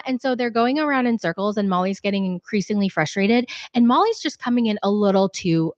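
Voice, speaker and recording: A woman's voice: mid-range voice, expressive, fairly quick, few pauses, no echo, lo-fi sound. A woman hosting a casual, opinionated recap of a reality show. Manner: chatty, opinionated, acts out quoted lines. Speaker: host.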